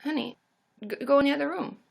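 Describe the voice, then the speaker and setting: A woman's voice: high-pitched, quick pace, vocal fry. A woman therapist hosting a casual livestream from home, bubbly and chatty, greeting viewers with squealed cheers and casual swearing.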